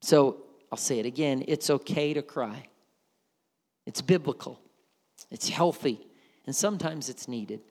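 A man's voice: medium pitch, unhurried, pauses often, a little mellow, in a large hall. A man preaching a sermon as a pastor, conversational, with frequent restarts and repeated words.

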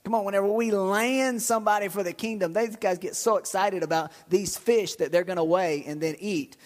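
A middle-aged man preaching a sermon in a church, telling stories with bursts of excitement and repeated words. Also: sits high, brisk, in a large hall. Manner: lively storytelling with shouts and repetitions. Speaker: pastor.

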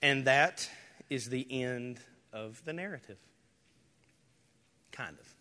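A male pastor preaching a sermon, rising to loud, impassioned declarations and dropping to near-whispers. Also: medium pitch, slow pace. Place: church sanctuary. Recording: hall reverb.

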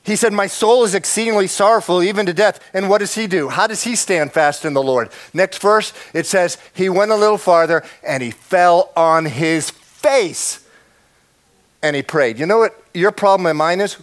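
A man preaching a sermon, dropping to a hush and then rising to loud, impassioned lines. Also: high-pitched, normal speed. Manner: swings from hushed to shouting, acts out prayers. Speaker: pastor.

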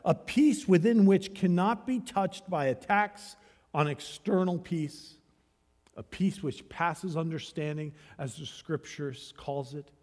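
Man, pastor, preaching a sermon, slightly high voice, hushed questions and loud rising calls, long hall echo.

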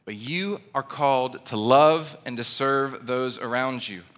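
A man preaching a sermon in a conversational, animated way, with asides to the congregation. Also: medium pitch, a little slow. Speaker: pastor.

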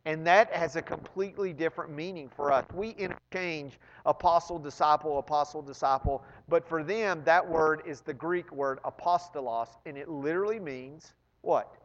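High-voiced animated preacher in a hall. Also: male voice, moderate pace, hardly any pauses, muffled recording. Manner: animated, swings from loud emphasis to hushed asides; repeats words and restarts when excited. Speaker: pastor. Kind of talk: sermon.

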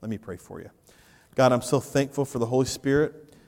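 A man preaching a sermon as pastor, animated, swinging from loud to hushed and repeating his phrases. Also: mid-range voice, brisk, gravelly. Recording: reverberant church hall.

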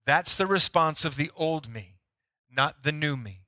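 A man's voice: on the high side, a little slow, pushed and bright, no echo, studio quality. A man preaching a sermon as a pastor, emphatic and repeating key lines for effect.

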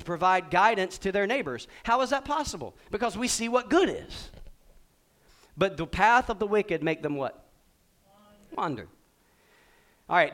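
A middle-aged man preaching a sermon, quizzing his congregation and acting out little scenes with big swings in pitch and volume. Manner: animated, asks the congregation questions. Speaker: pastor.

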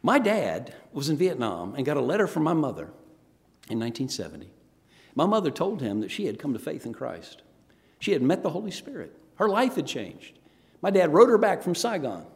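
A man's voice: fairly high pitch, normal speed. A middle-aged man preaching a sermon, telling stories and acting out quoted voices along the way. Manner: storytelling, animated, acts out quoted voices. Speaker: former pastor, missionary speaker. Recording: reverberant hall.

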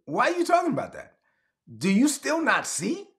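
A man's voice: huge pitch swings, normal speed, fairly bright tone, full character voice. A preacher acting out an exasperated Jesus who scolds his disciples with pleading questions. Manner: pleading rhetorical questions, high strained voice.

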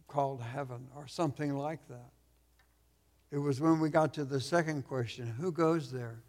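A man from Texas preaching a sermon as a guest pastor, losing his voice, clearing his throat and pausing on fillers. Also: medium pitch, a little mellow, long reverb tail.

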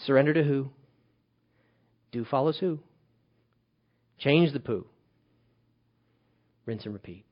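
A man preaching a sermon as pastor, swinging from loud emphatic calls to hushed, quiet lines. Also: medium pitch, expressive, slow pace, pauses often, dull audio.

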